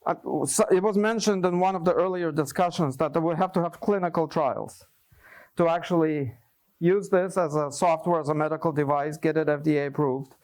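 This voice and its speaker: A man's voice: fairly high pitch, steady tone, moderate pace, a little mellow. A man presenting at a scientific workshop, answering questions thoughtfully with frequent restarts and repeated words.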